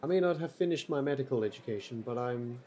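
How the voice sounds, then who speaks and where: A man's voice: medium pitch, animated, fast, dark tone, a little hiss or hum. A man playing a game with a friend, reading character lines aloud in a mock-formal tone. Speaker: co-player. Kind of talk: casual game playthrough chat, reading dialogue aloud.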